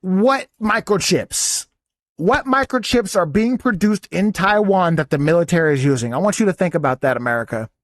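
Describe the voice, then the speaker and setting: Blunt, high-voiced man ranting on a podcast. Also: lively intonation, moderate pace, no room sound, studio quality. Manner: blunt, profane, indignant. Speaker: podcast host reacting to a clip; soldier. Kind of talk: casual commentary rant.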